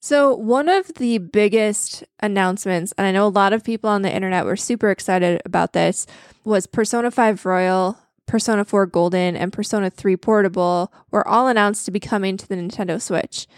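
A woman's voice: mid-range voice, normal speed, no room sound. Female podcast co-host, candid and self-deprecating, mid-range voice, dry close mic. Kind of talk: casual chat.

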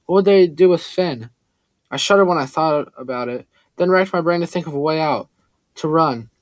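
Guy reading an audiobook, kinda high voice, steady and earnest, dry mic. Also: normal speed, no echo. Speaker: audiobook narrator. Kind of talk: first-person scripted narration.

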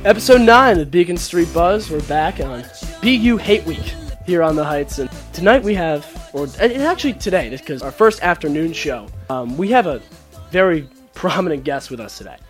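A man's voice: a little high, expressive, moderate pace, soft background music. A young man hosting a student podcast, reading an upbeat intro and stumbling a little. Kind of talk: casual podcast interview.

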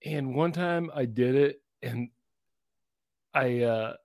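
A man in his forties co-hosting a casual podcast, an animated storyteller who acts out voices and pokes fun at himself. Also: mid-range voice, slow pace, gravelly, no room sound, studio quality. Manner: animated, acts out voices in anecdotes, self-deprecating. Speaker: podcast co-host, middle school teacher.

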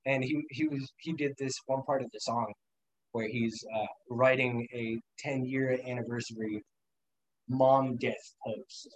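Speaking somewhat slowly with a steady, medium-pitched voice, a young man on a podcast shares loose, profane stories in casual chat, laughing a great deal. The audio is low quality, with no echo.

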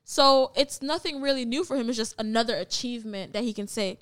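A young woman co-hosts a casual podcast chat, blunt and emphatic, cursing freely. Her voice sits a little high and sounds smooth and clear. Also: brisk, few pauses, fairly bright tone. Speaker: podcast co-host.

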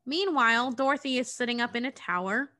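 A woman's voice: a little high, brisk, pushed and bright. A woman casually retelling a story, chatty and profane, with lots of "like.". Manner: chatty, profane, filler-heavy.

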